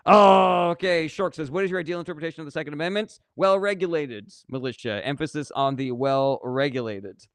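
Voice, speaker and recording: A man's voice: on the high side, a little fast, hardly any pauses, clear, resonant tone, no room sound. Blunt, sarcastic young man reading chat. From California. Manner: blunt and sarcastic, reads comments aloud then answers; swears casually. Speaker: livestream host answering viewer questions. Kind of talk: casual live-stream chat.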